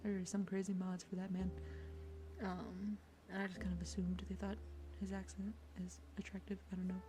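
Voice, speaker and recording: Soft-spoken American woman streamer. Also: mid-range voice, monotone, normal speed, slight background noise. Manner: soft, partly whispered, chatty and laughing. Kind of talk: ASMR chat with viewers. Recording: music playing behind.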